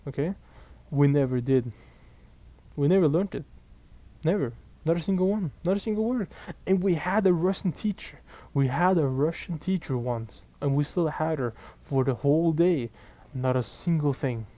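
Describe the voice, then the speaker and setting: A young man, ranting casually and profanely to camera in an exasperated, animated way. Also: fairly high pitch, moderate pace, dry recording. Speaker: vlogger.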